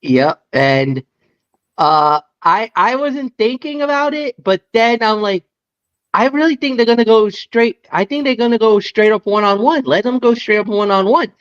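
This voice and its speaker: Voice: mid-range voice, animated, moderate pace. A wrestling podcast co-host talking animatedly, repeating words and breaking into exclamations. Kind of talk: casual recap chat. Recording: dull lo-fi audio.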